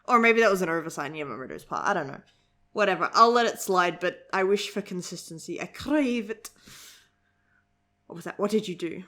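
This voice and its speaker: A woman's voice: on the low side, animated, a little fast, bright, forceful tone. A young woman reviewing a manga chapter in a casual, rambling chat full of fillers and giggles. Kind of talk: casual reaction chat while reading aloud.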